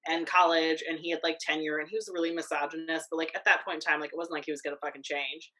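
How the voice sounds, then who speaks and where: A young woman co-hosting a podcast, telling a story in casual chat, animated, swearing freely, with lots of filler words. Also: low-pitched, fast, low-quality recording. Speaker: podcast co-host.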